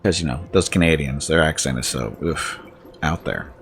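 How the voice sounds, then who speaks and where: A man's voice: a bass voice, lively intonation, moderate pace, fairly bright tone, slight background noise. A man streaming a game, chatting in a laid-back, joking way and chuckling often. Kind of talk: casual gaming livestream chat.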